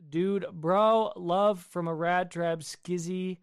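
Speaking slowly in a steady, clean tone that sits high, a family man reads viewer questions on his home basement livestream and answers without much fuss. The recording is dry and studio-clean.

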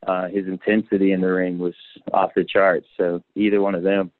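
A young man with a low voice talks casually, acting out the people in his stories. The sound is dry and tinny, as if it came over a phone line. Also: a little fast, no room sound. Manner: relaxed storyteller, acts out quoted lines. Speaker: guest, professional wrestler. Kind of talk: casual interview chat.

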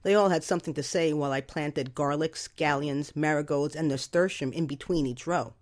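A woman telling a first-person story in a wry, expressive way with dramatic emphasis. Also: low-pitched, moderate pace.

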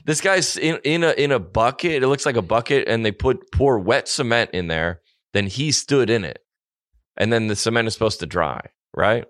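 A low-pitched man holds forth in loose, animated podcast banter, breaking into mocking impressions of the people he talks about. The sound is dry and close, with no room around it. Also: moderate pace, dry recording. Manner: animated ranting, mocking imitations. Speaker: podcast co-host. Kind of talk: casual chat.

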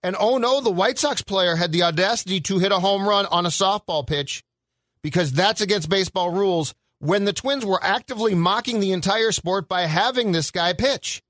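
A man's voice: high voice, normal speed, a bit bright, dry recording. A middle-aged man hosting a sports talk show, ranting in a sarcastic, exasperated and emphatic way. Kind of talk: heated sports radio rant.

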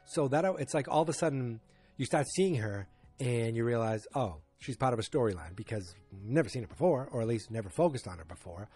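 Husky man rambling through a recap. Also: medium pitch, expressive, brisk, warm tone, soft background music. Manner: rambling, thinking aloud with many restarts. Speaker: TV episode recapper. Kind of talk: casual episode recap.

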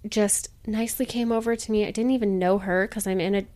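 A woman guest on a podcast tells a story in a loose, conversational way. She often slips into other people's voices to act out what they said, then drops back into her own even, mid-pitched voice. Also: a little fast. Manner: animated storyteller, acts out others' lines. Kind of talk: casual chat, storytelling.

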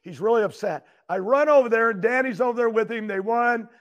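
Older guy, super high voice, rambling and stuttering through a big emotional story. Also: fairly quick, muffled recording. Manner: excitable, rambling, stutters and repeats words. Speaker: guest, retired champion racer.

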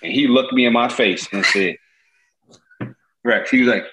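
A man from Gary, Indiana in his fifties, a former baseball pitcher telling stories as a guest and acting out the voices of the people he quotes. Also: moderate pace, noisy background. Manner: animated, acts out quoted voices. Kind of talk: casual storytelling.

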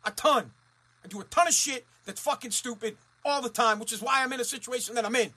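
A man's voice: extremely high pitch, brisk, sharp tone, slightly rough. A man ranting as a talk radio host, blunt, profane and fired up.

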